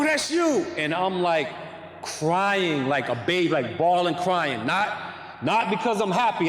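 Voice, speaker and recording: A man telling a long personal story to an audience as a guest speaker, animated and acting out the lines he quotes. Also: high voice. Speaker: guest speaker, former pro basketball player. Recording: echoey hall recording.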